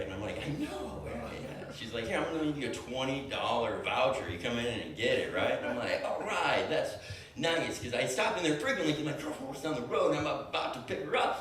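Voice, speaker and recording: Animated man telling a story in an echoey room. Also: medium pitch, recorded from a distance, slight background noise. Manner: animated, acts out every line of dialogue, laughs often. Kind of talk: comedic storytelling to an audience.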